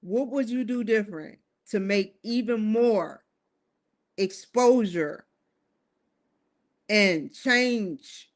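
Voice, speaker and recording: Woman vlogger, slow deliberate delivery, casual and reflective, addresses the audience directly. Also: mid-range voice. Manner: musing, addresses viewers directly with rhetorical questions. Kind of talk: casual talking-to-camera monologue.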